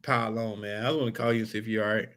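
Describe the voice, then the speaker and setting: A man's voice: on the low side, fairly even intonation, rapid-fire, fairly bright tone. A man co-hosting a podcast in casual chat, laid-back and matter-of-fact. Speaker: podcast co-host.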